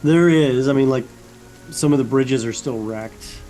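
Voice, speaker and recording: Slow-talking male dungeon master. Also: mid-range voice, mellow, faint music behind, poor audio. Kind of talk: narrating a tabletop game.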